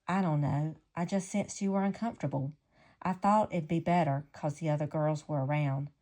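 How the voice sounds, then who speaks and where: Woman voicing a soft-spoken young male singer, low mellow tone, earnest and gentle. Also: steady tone, normal speed, close to an everyday voice.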